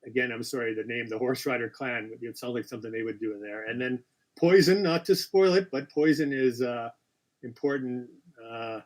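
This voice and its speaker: A man hosts a casual live-stream quiz in an average-pitched voice. He reads questions out with chatty asides, quick apologies and frequent self-corrections. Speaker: quiz host.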